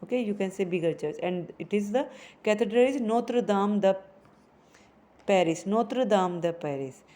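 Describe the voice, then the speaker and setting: A woman teaching a French lesson, explaining slowly and repeating phrases for her students. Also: medium pitch, lively intonation, dark tone.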